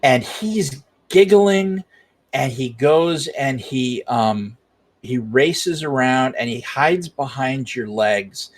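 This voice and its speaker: A man narrating a tabletop role-playing game as game master, often pausing on fillers. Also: mid-range voice, animated. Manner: hesitant, many fillers.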